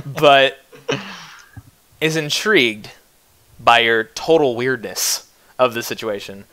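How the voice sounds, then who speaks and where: Bright-voiced young man running a tabletop game. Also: mid-range voice, slow. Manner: laughs often while narrating. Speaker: game master.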